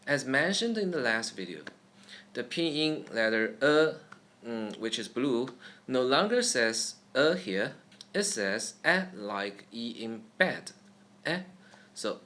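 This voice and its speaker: A man's voice: sing-song, slow, bright, forceful tone. A young man teaching a beginner Chinese pronunciation lesson, acting out each tone with wide rises and falls in his voice. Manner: demonstrates tones with sweeping pitch changes.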